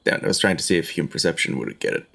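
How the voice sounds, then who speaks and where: A man's voice: low-pitched, animated, very fast, creaky, a bit bright. A man playing a tabletop game, talking casually and thinking aloud. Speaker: player.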